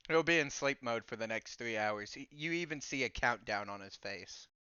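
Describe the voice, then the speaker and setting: A man narrating as game master of a tabletop game, with lively voice. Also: medium pitch, normal speed, clear, resonant tone, no room sound, muffled recording.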